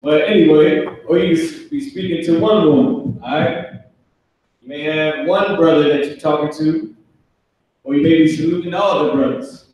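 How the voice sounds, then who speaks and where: A man's voice: fairly high pitch, moderate pace, darkish tone, recorded from a distance. Joking man teaching a class, echoey room. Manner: loose, jokey, slangy, acts out kids' voices. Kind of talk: live online class, loose joking talk. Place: classroom with a whiteboard. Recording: echoey room, speaker away from mic.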